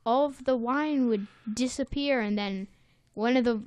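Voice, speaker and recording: A woman's voice: on the high side, measured pace, a little mellow, no echo. A woman in casual chat, animatedly retelling a cartoon episode and slipping into character voices.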